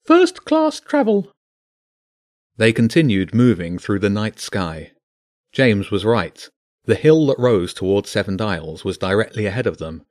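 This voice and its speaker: A man's voice: lowish voice, normal speed, no echo, clean studio sound. A man narrating a children's fantasy book, voicing each character. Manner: expressive, voices each character.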